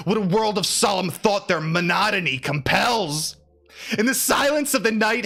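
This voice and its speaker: A man's voice: a little high, creaky, sharp tone. A man giving a dramatic poetry recitation on a stream, theatrical and ranting, chanting repeated words. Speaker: streamer reading aloud.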